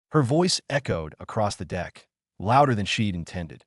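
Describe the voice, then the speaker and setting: A man narrating a fantasy story in a steady, even storytelling manner. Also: fairly low pitch, normal speed, no echo, studio quality. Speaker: audiobook narrator.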